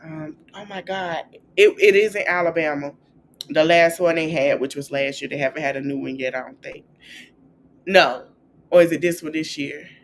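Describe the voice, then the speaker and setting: A woman hosting a podcast, recapping celebrity gossip in a chatty, animated way and acting out quotes in a high, playful voice. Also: normal speed, slight background noise. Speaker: podcast host.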